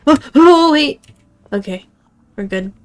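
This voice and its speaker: A woman's voice: sits high, lively intonation, takes it slowly, darkish tone. A woman streaming a game, chatting casually and jokingly with her viewers, often laughing. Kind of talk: casual gameplay chat with chat.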